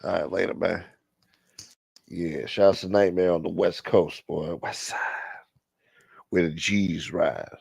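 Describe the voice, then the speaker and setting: Gravelly, profane livestream host. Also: male voice, deep voice, steady tone, slow pace, pauses often, darkish tone, no echo. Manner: profane, blunt, laughing along. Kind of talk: casual chat.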